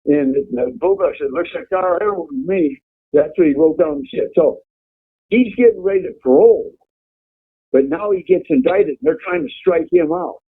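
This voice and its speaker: Male guest, slightly high and raspy, swears freely and rambles, heard over a phone line. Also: very animated, normal speed. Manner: profane, rambling. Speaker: guest telling prison stories. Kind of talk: casual storytelling.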